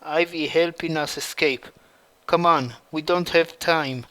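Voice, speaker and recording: A man's voice: fairly high pitch, fairly even intonation, measured pace, bright, forceful tone, rough recording. A man reading the part of a heartbroken young male soldier in a fan story. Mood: urgent.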